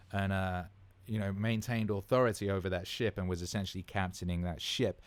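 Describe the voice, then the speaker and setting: A man's voice: low voice, a little fast, hardly any pauses, no room sound. A man in his thirties hosting a casual livestream Q&A, rambling enthusiastically and swearing freely. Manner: enthusiastic, repeats words for emphasis. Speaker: livestream Q&A host.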